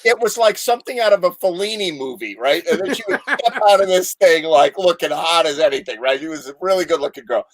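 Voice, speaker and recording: A man's voice: a little high, expressive, fairly quick, hardly any pauses, no room sound. A man telling a long, rambling story in casual chat on a live show, full of restarts.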